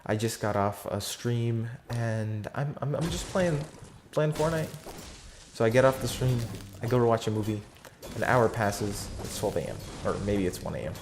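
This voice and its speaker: A man's voice: lowish voice, moderate pace, background noise. A fourteen-year-old boy telling a story in a casual vlog, rambling with lots of fillers, slang and restarts. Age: teenager, fourteen.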